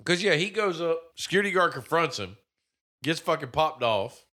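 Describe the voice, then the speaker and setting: A man in casual chat, mocking a movie with lots of swearing and animated retellings. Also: on the high side, moderate pace.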